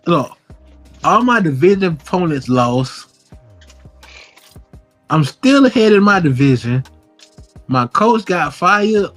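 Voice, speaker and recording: A man's voice: high voice, big pitch swings, slow pace, pauses often, fairly bright tone, soft background music. A man co-hosting a casual podcast, joking in laid-back banter and laughing often. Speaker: podcast co-host. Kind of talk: casual chat.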